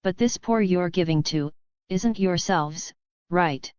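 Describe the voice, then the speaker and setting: A laid-back, smooth-talking male mechanic, read by a woman in an audiobook. His voice is dry and unflappable, lowish and very clear. The recording is dead dry and dull. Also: takes it slowly, a little mellow, no echo.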